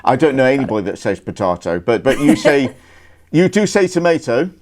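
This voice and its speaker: A man's voice: mid-range voice, sing-song, moderate pace, darkish tone, slight background noise. A British man co-hosting a casual political chat, joking and wry. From United Kingdom. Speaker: podcast co-host.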